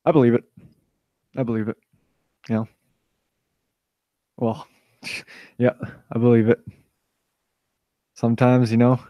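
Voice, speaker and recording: A man's voice: mid-range voice, darkish tone, no echo, studio quality. A young man chatting casually on a live stream, rambling and swearing as he reads out chat comments.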